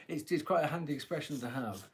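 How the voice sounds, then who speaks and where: A man giving a live-stream tarot reading, chatty and joking, laughing often and swearing casually, talking into a phone. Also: on the high side. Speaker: tarot reader.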